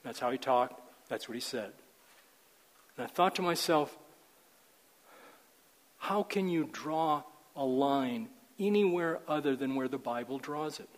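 A man's voice: mid-range voice, animated, a little slow, long pauses, in a large hall, poor audio. An older man teaching a men's group in a sermon style, earnest and emphatic, often repeating words.

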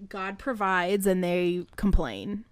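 A woman's voice: on the low side, takes it slowly, no room sound. Profane, irreverent woman podcast host. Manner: irreverent, profane, joking asides between scripture passages. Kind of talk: casual Bible reading and commentary.

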